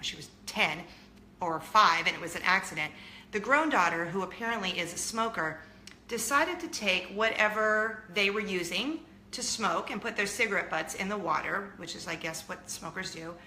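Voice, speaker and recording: A woman hosting a casual talk show, telling a story in an animated, chatty way, laughing often and acting out quotes. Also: medium pitch, slight background noise. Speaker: host. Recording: roomy room echo with faint ambience.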